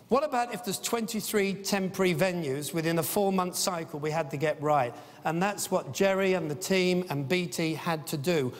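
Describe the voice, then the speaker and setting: A middle-aged man giving an enthusiastic, anecdotal business conference talk, with frequent "uh" fillers. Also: on the high side. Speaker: conference speaker. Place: large conference hall. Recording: long reverb of a conference hall.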